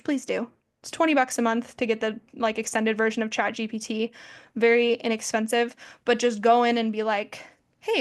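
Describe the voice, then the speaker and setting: A woman in her twenties giving a casual, friendly presentation with lots of fillers. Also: a little high. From American Midwest family. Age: 20s. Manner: chatty, friendly, peppered with fillers. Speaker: social media presenter.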